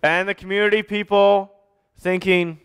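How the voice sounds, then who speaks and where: A man's voice: sits high, level tone, moderate pace, a bit bright, clean tone. A man, a pastor, telling a children's story during a church service and directing children to act parts out.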